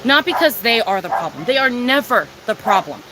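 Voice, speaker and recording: A woman's voice: a little high, very animated, fairly quick, very noisy. A young woman talking casually from home during a livestream, emphatic and profane, answering her chat.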